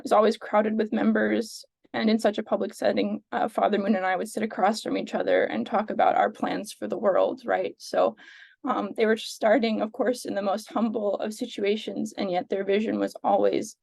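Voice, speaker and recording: A woman sharing reflections with a reading group on a video call, earnest and hesitant, with many pauses and fillers. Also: medium pitch, creaky, a little mellow, husky, dry recording.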